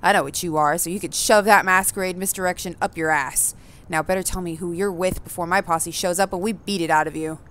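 A woman's voice: medium pitch, normal speed, a bit bright, a little hiss or hum, lightly acted. A woman voicing a menacing hooded male vampire thug who talks crude and threatening.

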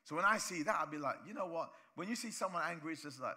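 A male pastor from preaching a sermon in church, animated, acting out voices of people he talks about. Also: a little high, fast talker.

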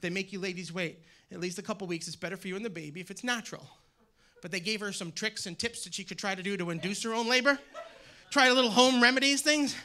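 A man from Maine performing a loud, animated stand-up set on a theater stage. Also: high-pitched, fast. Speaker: stand-up comedian. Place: theater stage with live audience.

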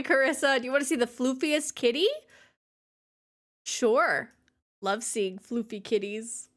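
A woman's voice: high-pitched, fairly bright tone. A woman streaming a game, chatting casually with her viewers, giggling and cracking crude jokes. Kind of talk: casual livestream chat while playing.

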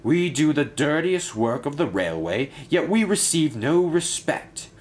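A man's voice: a little high, big pitch swings, unhurried, pitched above the performer's own voice. A man voicing a resentful male diesel engine who mutters as he stirs up the others. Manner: muttering, grudging. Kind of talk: storybook narration.

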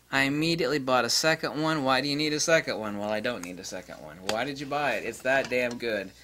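A man giving a casual gear review in a blunt, crude and excitable way, breaking into laughter. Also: medium pitch. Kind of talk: casual product review vlog.

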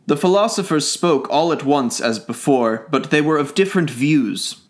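A man reading a classic novella aloud as an audiobook narrator, in an even, clear storytelling manner. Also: a little high, moderate pace. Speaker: audiobook reader.

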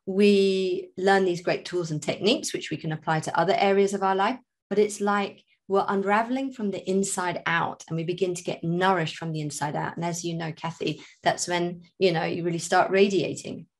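A woman health coach, a guest on a video call, explaining her approach in a calm, reflective way. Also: on the low side, moderate pace, few pauses.

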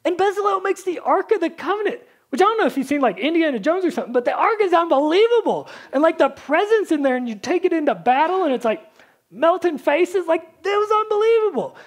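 A woman preacher with a high voice gives a casual, talkative sermon. She leans on fillers and slips into quick impressions of the people in her stories. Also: big pitch swings. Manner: chatty, full of "like", acts out Bible characters.

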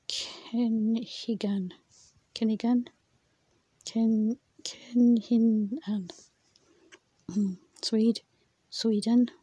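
A woman slowly reading words from her exercise book, repeating them, stumbling and laughing at her own attempts. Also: fairly high pitch, warm tone, husky, no room sound. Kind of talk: slow read-aloud vocabulary practice.

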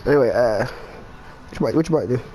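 A man's voice: medium pitch, expressive, rapid-fire, dark tone, a little hiss or hum, poor audio. A man chatting casually with a friend during an online game, profane and slangy, trading banter and blunt advice. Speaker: gamer in voice chat. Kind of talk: casual gaming chat.

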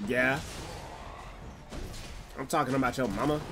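A young man streaming a game live, talking casually in a profane, excitable, trash-talking way. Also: fairly high pitch, a little slow, long pauses, a little hiss or hum. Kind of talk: casual live gameplay commentary.

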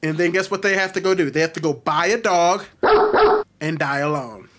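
A man's voice: on the high side, moderate pace, a bit bright, a little hiss or hum. An American man hosting a casual video chat, teasing and provoking with jokes. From United States.

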